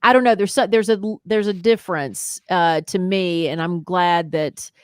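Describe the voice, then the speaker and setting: A woman's voice: fairly low pitch, moderate pace, clear, resonant tone, no room sound, clean studio sound. A woman podcast co-host musing earnestly in casual chat. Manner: earnest, thinking aloud.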